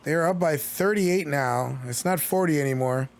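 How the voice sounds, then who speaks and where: A man's voice: fairly high pitch, normal speed, creaky. Chatty man calling basketball play-by-play. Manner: chatty, jokey asides between play calls. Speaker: streamer giving play-by-play commentary. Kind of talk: casual live game commentary.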